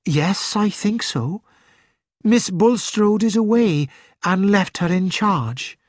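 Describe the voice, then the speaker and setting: A man's voice: animated, slow, no echo, clean studio sound, heavily acted. A man reading aloud as a middle-aged female school matron, upset but keeping control, in a raised light voice. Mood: distressed. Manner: shaken but composed, high light voice.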